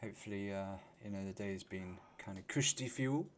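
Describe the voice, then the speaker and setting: A man's voice: lowish voice, fairly quick. Chatty man greeting stream viewers. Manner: chatty, greets viewers by name, laughs often. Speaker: livestream host. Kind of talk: casual live-stream chat.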